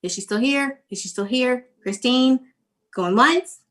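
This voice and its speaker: A bubbly, effusive middle-aged woman hosts a live-stream giveaway. Her voice sits fairly high and she laughs often. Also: a little slow, a bit bright. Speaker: host of a virtual conference.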